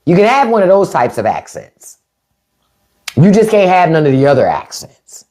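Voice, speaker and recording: A woman's voice: fairly low pitch, wildly swooping pitch, normal speed, mellow. A woman hosting a live stream in an unfiltered, profane and sarcastic rant, with features. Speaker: livestream host.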